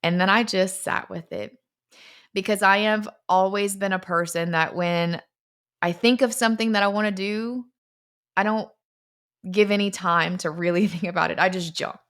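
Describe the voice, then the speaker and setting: Her voice is medium-pitched, clear, and resonant, with a steady, fairly bright tone. As a young fitness company founder, she recounts her personal story earnestly and confessionally, slowing where things get emotional.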